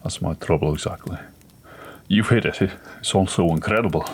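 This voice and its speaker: A man's voice: low voice, moderate pace, slight background noise. A man voicing a shaken male war veteran with shell shock in a read-aloud story, speaking in an eager, earnest way.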